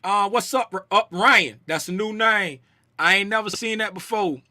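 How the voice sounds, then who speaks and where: A man's voice: high-pitched, moderate pace, bright, forceful tone. A man hosting a casual livestream, joking around and greeting chat viewers by name. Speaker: livestream host and trading educator.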